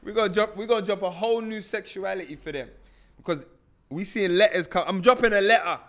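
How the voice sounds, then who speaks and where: A young man with a high voice talks in a loose, motivational monologue. He is slangy and emphatic and hammers his points by repeating phrases. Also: quick pace, a bit bright.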